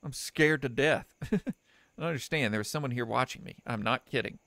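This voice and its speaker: A man's voice: medium pitch, fairly quick, fairly bright tone, no room sound. A young man doing let's play commentary on a horror game, joking and sarcastic as he reads the game's text aloud. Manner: joking, sarcastic, laughs often. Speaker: gaming let's player. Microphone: desk microphone.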